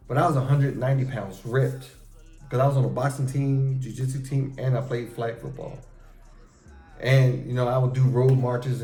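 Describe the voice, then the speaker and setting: A middle-aged man hosting a casual chat with his son, telling profane, animated stories about his past and acting out how he reacted. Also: mid-range voice. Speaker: show host talking with his son. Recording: echoey room with faint music.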